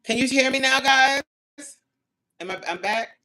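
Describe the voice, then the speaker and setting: On a casual phone livestream, a woman reads her viewers' comments aloud in a chatty way and grumbles about the stream dropping and glitching. Her voice is high, bright, and forceful, and she speaks unhurriedly.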